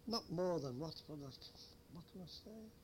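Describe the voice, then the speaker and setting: An older man who once kept a lighthouse tells a rambling old story, chuckling as he goes. His voice sits a little high, expressive and darkish in tone, at a measured pace, with slight background noise behind this oral history.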